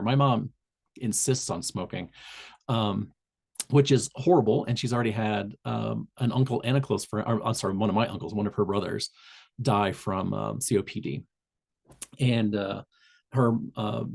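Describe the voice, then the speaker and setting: A man's voice: fairly low pitch, vocal fry, a little mellow. A man with a Southern Indiana accent, a public health trainer speaking on a video call webinar, talking loosely with many fillers and restarts. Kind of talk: webinar presentation.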